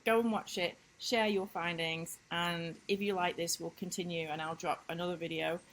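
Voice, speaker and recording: A woman business coach in a casual talking-head vlog, recapping lessons with emphatic enthusiasm and sudden upward leaps in pitch. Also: fairly even intonation, normal speed, rough recording. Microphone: computer screen-recording mic.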